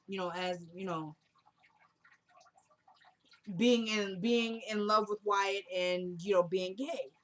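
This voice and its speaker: A woman casually recapping a TV drama episode, retelling scenes by quoting the characters in a soft murmur. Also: mid-range voice. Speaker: TV recap vlogger.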